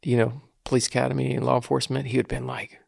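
A man's voice: medium pitch, flat delivery, quick pace, creaky, a little mellow, husky, dry recording, clean studio sound. A man co-hosting a casual chat, joking and laughing often. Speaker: podcast co-host.

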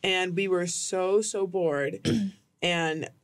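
A woman's voice: on the low side, drawn-out words. Chatty young woman telling a story. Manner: chatty, lots of "like", laughs often. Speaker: podcast co-host. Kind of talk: casual chat, storytelling.

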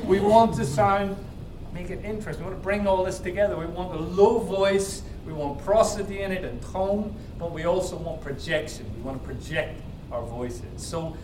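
Energetic Irish man lecturing in an echoey hall. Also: high-pitched, moderate pace. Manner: energetic, demonstrates with exaggerated emphasis. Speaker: workshop presenter. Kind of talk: interactive teaching talk. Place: large hall with audience. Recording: echoey hall, mic far off, crowd noise.

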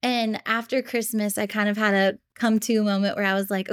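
A woman's voice: medium pitch, fairly even intonation, moderate pace, clear, resonant tone. A woman in her twenties telling stories in a casual podcast chat, chatty and giggly, with lots of fillers. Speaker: podcast host.

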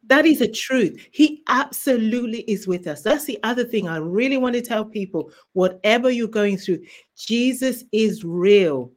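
A woman's voice: on the high side, animated, moderate pace, darkish tone. A woman who is a guest author, sharing a fervent faith testimony in an interview. She speaks like a preacher and repeats key phrases for emphasis.

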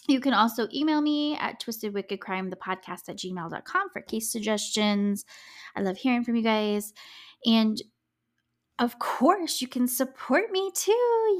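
A woman's voice: a little high, a bit bright. Chatty woman hosting a true crime podcast. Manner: chatty, reactive, sarcastic asides with laughs. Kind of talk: casual solo podcast chat.

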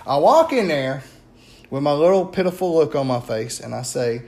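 A man with a Louisiana accent, a paranormal investigator telling a story in a chatty, animated way with many fillers. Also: on the high side, moderate pace. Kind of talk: casual storytelling.

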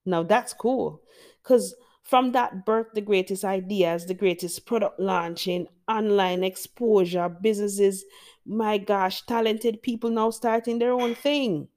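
A woman with a Jamaican accent gives a motivational podcast talk. She speaks to her listeners directly, with emphasis and encouragement, in a voice of middle pitch. She sounds close to a podcast microphone. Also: darkish tone. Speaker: podcast host.

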